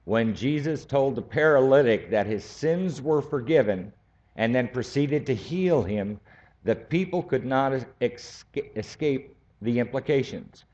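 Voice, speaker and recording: A man teaching a Bible study class, speaking slowly and deliberately and building to emphatic points. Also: mid-range voice, animated, a little mellow. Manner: slow, deliberate, rising to emphatic. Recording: dull lo-fi recording.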